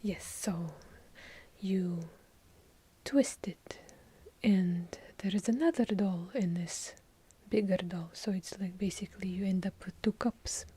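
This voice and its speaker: A woman with a heavy Russian accent doing whispered ASMR, with dry, deadpan joking asides. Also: mid-range voice, slow pace, husky. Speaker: ASMR creator. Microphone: handheld recorder up close.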